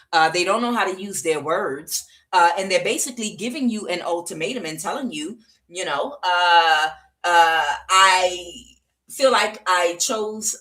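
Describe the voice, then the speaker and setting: Woman, tarot reader, lowish voice, blunt, chatty, lots of fillers, casual monologue. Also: a bit bright. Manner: chatty, blunt, with many fillers and "okay?" check-ins.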